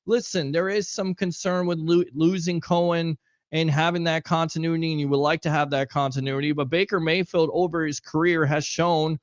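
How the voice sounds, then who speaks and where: A man's voice: on the high side, fairly even intonation, normal speed, no echo. A man co-hosting a sports talk show, emphatic and repeating points for stress. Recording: dull lo-fi stream audio.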